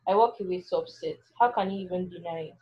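A woman's voice: on the low side, fast, muffled recording. A woman narrating a first-person story in an anxious, self-questioning way.

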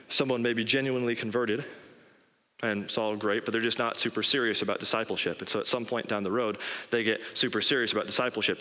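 A man preaching a sermon as pastor, emphatic and rising in pitch on key phrases. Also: sharp tone. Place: church sanctuary. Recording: long hall reverb.

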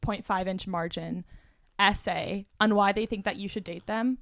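A young woman hosting a casual chat, talking fast and playful with lots of "like" fillers. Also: mid-range voice, fairly even intonation, gravelly, no echo, clean studio sound. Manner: chatty, filler-heavy, playful. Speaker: podcast host.

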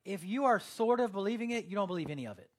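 A man's voice: sits high, lively intonation, racing. A man preaching a sermon in a casual, conversational way, with lots of fillers and quoted asides. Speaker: pastor.

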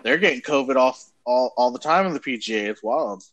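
A man's voice: mid-range voice, animated, a little fast, creaky, a bit bright, no room sound, muffled recording. A man co-hosting a podcast, making laid-back, brief remarks in casual chat. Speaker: podcast co-host.

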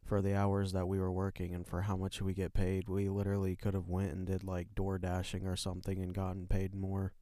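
A young man co-hosting a podcast, talking in a relaxed, rambling way with plenty of swearing and a soft, soothing voice. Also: low voice, fairly quick, hardly any pauses, dry recording, clean studio sound. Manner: laid-back, rambling, swears often. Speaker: podcast co-host. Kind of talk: casual chat.

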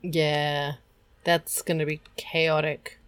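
A woman's voice: low voice, flat delivery, takes it slowly, clean tone. A woman co-host musing hesitantly in a casual discussion of a book.

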